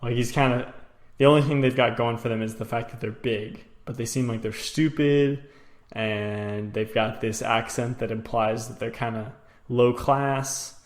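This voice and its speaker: Casting note: steady male co-host, mid pitch, recorded in an echoey room. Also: a little slow. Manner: short agreeing replies, plain and steady. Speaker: podcast co-host. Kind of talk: casual book discussion.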